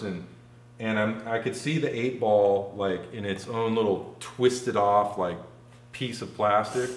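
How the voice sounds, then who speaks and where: Rambling man, low voice, echoey room. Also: slow pace, long pauses. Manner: rambling, filler-heavy, frequent "like". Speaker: podcast guest telling a story. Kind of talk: casual storytelling.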